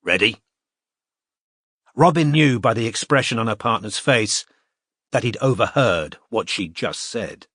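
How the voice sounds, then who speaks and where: A man reading a detective novel aloud as audiobook narrator, in a measured storytelling manner. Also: mid-range voice, expressive, a bit bright, husky, no room sound, clean studio sound. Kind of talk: scripted narration.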